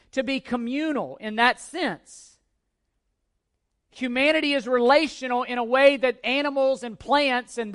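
With a sharp, very high voice, the man preaches as a pastor, teaching his listeners in an earnest, emphatic way. Key points get repeated, and rhetorical questions are put to the congregation.

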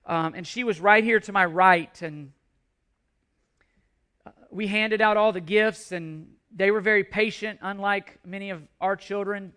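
A man's voice: high-pitched, fairly even intonation, unhurried, bright, forceful tone, clear, resonant tone. A man preaching a sermon as a pastor, telling a story earnestly and often restarting his sentences. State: emotional at times.

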